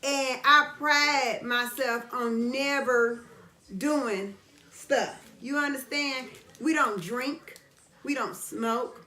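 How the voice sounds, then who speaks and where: A middle-aged woman telling a story in an animated, casual way while getting her hair done, often checking whether the listener understands. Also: sits high, slow, roomy sound. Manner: animated retelling, keeps asking "you understand?". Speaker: vlogger. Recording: busy background chatter.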